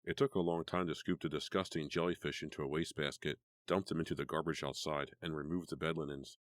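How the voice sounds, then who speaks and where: A man narrating an audiobook in a measured storytelling manner. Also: rumbling low, fairly even intonation, no room sound, clean studio sound. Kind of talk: scripted narration.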